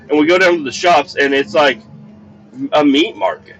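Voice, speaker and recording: Recorded in a moving car with faint vehicle noise and some music in the background, this muffled clip has a middle-aged podcast host telling a rambling, exasperated story packed with swearing. His voice sits fairly high and sounds a bit bright, and he talks in an animated, brisk way.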